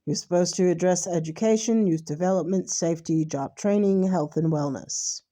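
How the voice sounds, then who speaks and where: A woman's voice: lowish voice, moderate pace, mellow. A groggy woman vlogger talking bluntly to her viewers and reading a news item aloud. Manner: blunt, frank, speaks straight to the viewer.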